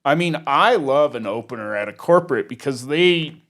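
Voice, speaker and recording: A man's voice: mid-range voice, animated, normal speed, fairly bright tone. A man co-hosting a podcast, telling rambling stories in casual chat, restarting often. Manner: rambling storytelling with many restarts, laughs often. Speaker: podcast co-host, comedian.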